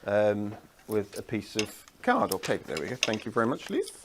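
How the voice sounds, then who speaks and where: A man's voice: on the low side, huge pitch swings, moderate pace, noisy background. A man co-presenting a live craft show, rambling through explanations with restarts and jokey self-deprecating banter.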